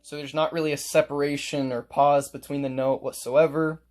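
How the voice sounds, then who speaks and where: A man's voice: on the high side, flat delivery, normal speed, darkish tone. A man teaching a casual music lesson, explaining note markings step by step and playing examples on his instrument.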